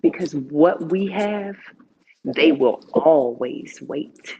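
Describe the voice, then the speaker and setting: A woman voicing a tall, commanding aunt who speaks slowly and deliberately, heard in a dull lo-fi recording. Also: fairly low pitch, expressive, darkish tone, slight background noise. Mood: solemn.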